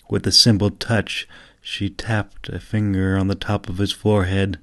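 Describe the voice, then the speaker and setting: A man narrates his own fantasy novel in an unhurried, measured way. His voice sits on the low side. The recording is close and dry, with no room sound. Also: level tone, a bit bright, no room sound. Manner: slow, measured reading. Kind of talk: audiobook narration.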